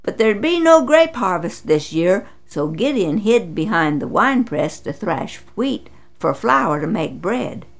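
Woman, storytelling narration, dramatic, slow pace, gravelly fry. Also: sing-song. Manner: dramatic, voices quotes with big pitch swings. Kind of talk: expressive scripted Bible story narration.

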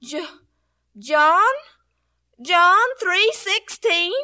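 A poor, hungry little boy, acted by a woman talks in a high, bright voice. He stammers and hesitates, shy but polite. His lines sound like a child in a storybook. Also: animated, slow, full character voice. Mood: eager.

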